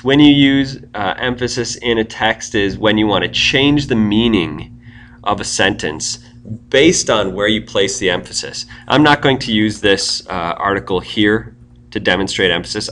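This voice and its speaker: Low-voiced man teaching web coding. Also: fairly bright tone, slight background noise. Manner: explains step by step, thinking aloud while typing. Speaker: web design tutor. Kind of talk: screencast tutorial.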